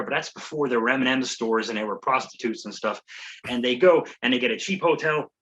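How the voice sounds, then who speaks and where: A man's voice: mid-range voice, fairly bright tone, lo-fi sound. A male comedian hosting a podcast, rambling through a sarcastic, profane recap of a movie plot.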